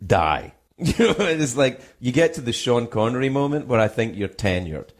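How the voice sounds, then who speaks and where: Husky Scottish man hosting radio chat. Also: mid-range voice, moderate pace. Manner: animated, profane, joking. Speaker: radio host. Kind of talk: casual radio talk show chat.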